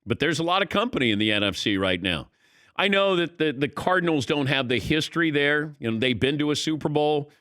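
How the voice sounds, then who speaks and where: A man's voice: mid-range voice, a bit bright, no room sound, studio quality. A man hosting a sports talk radio show, giving conversational, opinionated commentary.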